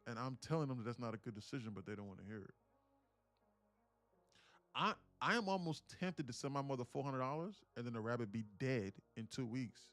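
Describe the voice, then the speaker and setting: A man live-streaming his day trading, telling a story in an animated, profane, rambling way with frequent restarts. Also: medium pitch, brisk.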